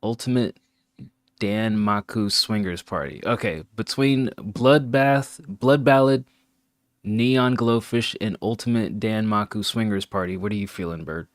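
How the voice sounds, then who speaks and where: A man's voice: on the low side, measured pace, dry recording, studio quality. A man co-hosting a casual show, rating songs and reading out titles with a wry, joking manner. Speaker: co-host picking and rating listener tracks. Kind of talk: casual critique chat.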